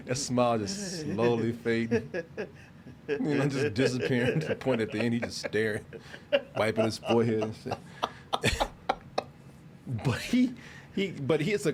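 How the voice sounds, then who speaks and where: A man's voice: medium pitch, lively intonation, normal speed, long pauses, a crowd in the background. A man hosting a podcast, telling stories in a rambling, casual way with restarts and laughter. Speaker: podcast host. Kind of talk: casual chat.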